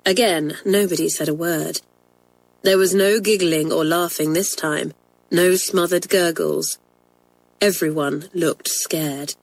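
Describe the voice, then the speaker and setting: A woman's voice: on the low side, steady tone, slow pace, no echo, rough recording. Woman reading a children's story. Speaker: audiobook narrator.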